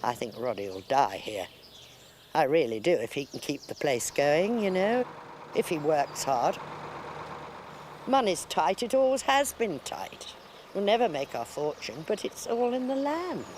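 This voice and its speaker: A woman's voice: deep voice, very animated, measured pace, noisy background. An older woman telling family stories in a documentary interview, chatty and dryly humorous. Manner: chatty, anecdotal, dry humour. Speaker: mother of a farmer.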